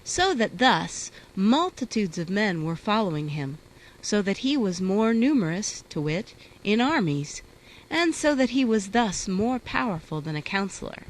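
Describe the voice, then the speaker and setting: Slow, deliberate woman reading aloud. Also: medium pitch, big pitch swings, a little hiss or hum, low-quality recording. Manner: slow, deliberate, measured recitation. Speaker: reader. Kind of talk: reading an old translated text aloud.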